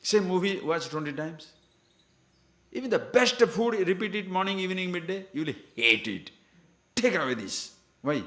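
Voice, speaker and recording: Guy teaching scripture to a class, pitch jumps all over, lots of rhetorical questions, echoey room. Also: expressive, normal speed, a bit bright. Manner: asks many rhetorical questions, emphatic. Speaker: spiritual teacher.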